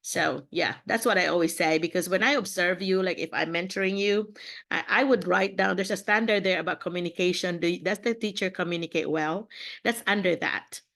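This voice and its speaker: A woman's voice: lowish voice, a little fast, creaky, a bit bright. A woman from the Philippines, mentoring teachers on a video call and checking in often with "okay?" and "you know".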